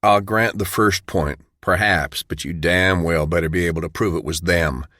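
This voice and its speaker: A man's voice: low-pitched, moderate pace, sharp tone, no room sound, studio quality. A man voicing a tough male community leader who talks in a firm, controlled way.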